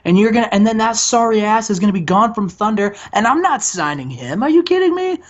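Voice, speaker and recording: A man putting on the voice of a smug, scheming male wrestling boss, fast-talking and falsely reassuring. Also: sits high, sing-song, lo-fi sound, voice pushed up.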